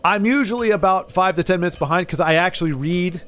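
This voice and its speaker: A man streams a game and chats casually with viewers, his high-pitched, fairly bright voice moving fast. He often stammers and restarts his sentences as he talks.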